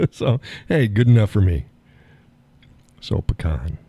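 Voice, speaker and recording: A man's voice: on the low side, big pitch swings, slow, dark tone, breathy edge, dry recording. A man hosting a live stream, chatting casually, often laughing, folksy and blunt with casual swearing. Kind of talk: casual chat.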